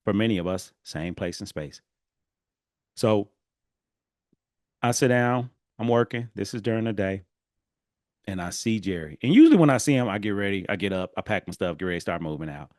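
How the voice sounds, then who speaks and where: A man hosting a solo podcast, telling a personal story with animated swings and quiet, low drops for emphasis. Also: normal speed, pauses often, no room sound, studio quality. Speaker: podcast host.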